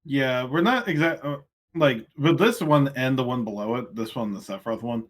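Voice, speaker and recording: A man's voice: medium pitch, normal speed. A man co-hosting a casual gaming podcast, chiming in with background facts. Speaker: podcast co-host.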